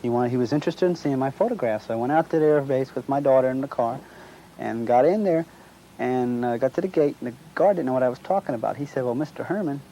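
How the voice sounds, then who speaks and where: A middle-aged man, interviewed as an eyewitness, recounts a personal experience and acts out the dialogue of the people involved. His voice is medium-pitched, quick and warm, though the audio is poor, with a little hiss or hum.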